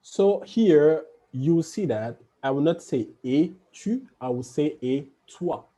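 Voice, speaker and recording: A man's voice: a little high, lively intonation, slow pace, warm tone, breathy edge. A man teaching a French lesson online, patiently repeating each example sentence and explaining it step by step.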